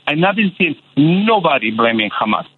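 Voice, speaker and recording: A radio caller with a somewhat high, very animated voice and a breathy edge phones in, the line sounding tinny. Passionate and halting, he peppers his impassioned call with repeated fillers.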